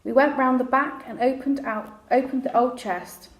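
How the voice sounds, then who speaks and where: A woman reading a children's novel aloud chapter by chapter, in a relaxed, conversational way with small restarts. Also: sits high, moderate pace. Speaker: storyteller. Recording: roomy echo.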